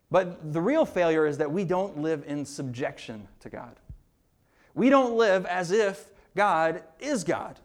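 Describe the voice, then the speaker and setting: A male pastor preaching a sermon in an earnest, emphatic way, often repeating words as he builds a point. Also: fairly high pitch.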